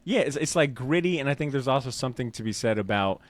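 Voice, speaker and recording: Male podcast co-host, mid pitch, dry booth sound, excitable rambling fan energy. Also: fast talker, no room sound. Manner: rambling, animated, swears casually, lots of fillers. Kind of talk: casual chat about comics.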